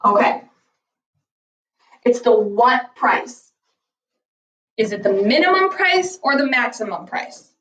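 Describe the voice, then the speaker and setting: A woman's voice: on the high side, sing-song, slow pace, pauses often, a bit bright, echoey room, distant mic, muffled recording. A woman teacher giving a recorded lesson, playful and jokey, who keeps asking "okay?". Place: basement floor at home.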